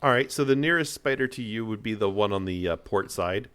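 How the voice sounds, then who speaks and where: A man's voice: on the low side, lively intonation, fairly quick, fairly bright tone, clear, resonant tone, no echo. A man narrating as game master of a tabletop game, rambling through his descriptions with lots of fillers and restarts.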